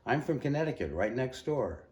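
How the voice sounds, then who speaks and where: A man voicing a frightened, blinded nineteen-year-old soldier who speaks in a frail, croaking voice. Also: mid-range voice, big pitch swings, normal speed, darkish tone, pitched above the performer's own voice, lightly acted.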